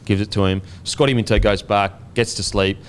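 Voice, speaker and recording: An Australian man in his thirties hosting a podcast, telling a story in a casual, animated way and swearing freely. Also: fairly low pitch, a little fast, slight background noise. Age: 30s. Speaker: podcast host and former rugby league player.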